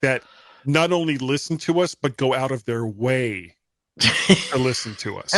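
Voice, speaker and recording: A man's voice: medium pitch, unhurried, dry recording, studio quality. A man hosting a podcast in casual chat, loose and rambling as he explains. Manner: relaxed, rambling with restarts. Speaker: podcast host.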